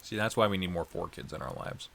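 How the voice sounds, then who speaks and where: Guy on a podcast, rambly and laughy, pitch jumps all over the place, lots of uhs. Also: expressive, quick pace, vocal fry, slight background noise. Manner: rambling, laughs often, many fillers. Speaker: podcast co-host. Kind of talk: casual chat.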